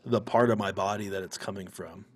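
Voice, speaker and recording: A man with a fairly low, breathy-edged voice co-hosts a relaxed podcast from home. He talks in an easygoing, earnest way and is quick to find things funny. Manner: laid-back, earnest, easily amused. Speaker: podcast co-host. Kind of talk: casual chat. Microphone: fur-covered podcast microphone.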